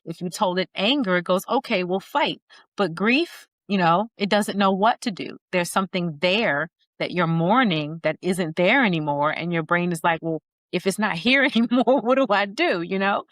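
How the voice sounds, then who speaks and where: A woman's voice: lowish voice, expressive, normal speed, no room sound. A middle-aged woman speaking as a grief coach in an interview, earnest and storytelling, acting out bits of dialogue. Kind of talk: conversational interview.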